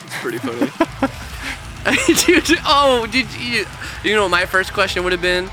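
A man's voice: high-pitched, measured pace, pushed and bright. A young man co-hosting a casual chat, joking sarcastically and laughing often. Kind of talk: casual chat reacting to music. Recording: music playing behind.

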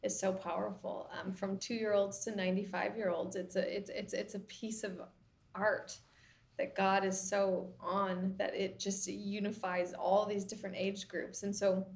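A woman producer answers interview questions in an eager, flowing way, sometimes tripping back over her own phrases. Her voice has a gravelly, fry-edged texture at a middle pitch. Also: unhurried. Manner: eager, fluent, restarts phrases when excited. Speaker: TV series producer, interview guest. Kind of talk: conversational interview.

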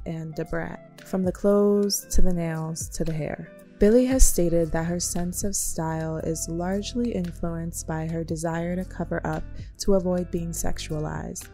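A woman reading a scripted commentary video essay in a measured, critical, plain-spoken way. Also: lowish voice, dark tone.

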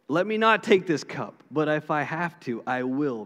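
A man's voice: fairly high pitch, animated, a little slow, hardly any pauses, big-room sound. A man preaching a sermon in a conversational way, often repeating words and acting out quotes. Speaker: pastor. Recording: guitar music underneath.

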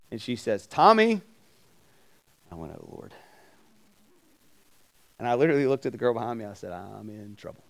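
A man preaching at a campus ministry, telling a story with animated acted-out voices and questions to his listeners. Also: mid-range voice, vocal fry. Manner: animated, acts out voices in anecdotes, asks the crowd questions. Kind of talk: storytelling sermon. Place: campus ministry meeting room.

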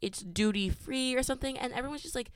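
Talking fast in a high voice, a young adult podcast co-host chats casually through a travel story, peppering it with "like." The recording is dry.

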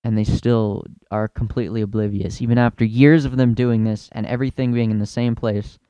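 A young man hosting a comedy podcast, ranting in a profane, exasperated way with loud outbursts. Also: mid-range voice, fairly even intonation, brisk, smooth, no room sound. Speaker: podcast host.

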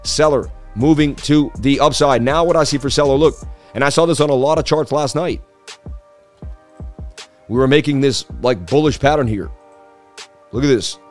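A man's voice: medium pitch, moderate pace, pauses often, soft background music. A man hosting a crypto chart livestream in a hyped, boastful way, talking straight to viewers, his voice slightly worn. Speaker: crypto market analysis livestream host. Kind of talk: casual livestream chart analysis.

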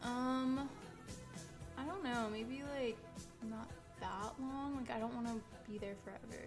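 A young woman in her twenties co-hosts a loose, casual podcast conversation and keeps giggling between lines. Her voice sits a little high. Music plays clearly behind her. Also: a little slow. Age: 20s. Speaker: podcast co-host. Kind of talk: casual chat.

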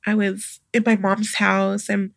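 A young adult woman, a midwife guest on a podcast, telling a personal story in a casual, animated way and acting out the voices of others. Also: mid-range voice, unhurried, gravelly, no room sound, studio quality. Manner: animated, acts out quoted voices, laughs often.

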